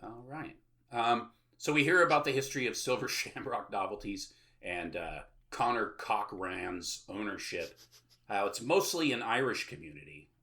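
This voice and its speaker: A man chats through a film plot as a podcast host, rambling and sarcastic, with plenty of filler sounds. His voice sits on the lower side, yet it has a bright, forceful edge. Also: expressive, normal speed. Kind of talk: casual plot recap with jokes.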